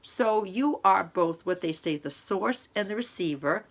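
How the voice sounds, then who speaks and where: A woman's voice: mid-range voice, expressive, a little slow. A middle-aged woman, a college instructor, explaining a lesson in a conversational way, with repeated examples. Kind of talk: recorded online lecture.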